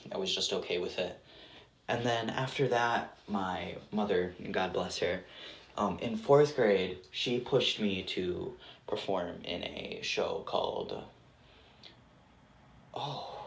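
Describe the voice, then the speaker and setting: A young adult man answering interview questions in a casual, rambling way. He uses lots of filler words and pokes fun at himself. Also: fairly low pitch. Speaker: actor guest. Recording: roomy with faint background noise.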